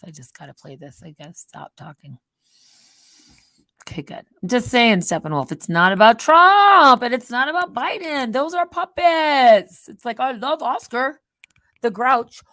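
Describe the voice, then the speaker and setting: A woman's voice: on the high side, no echo. Rambling woman with a dry, close sound. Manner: rambling, swings between loud outbursts and quiet muttered asides. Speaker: channel host. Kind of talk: ranting casual monologue.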